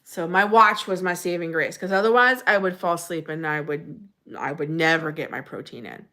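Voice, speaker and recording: Bright-voiced chatty woman streamer. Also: fairly low pitch, normal speed. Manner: chatty and gushing, answers viewers by name, frequent laughs. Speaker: livestream host. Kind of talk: casual live-stream chat reading viewer comments.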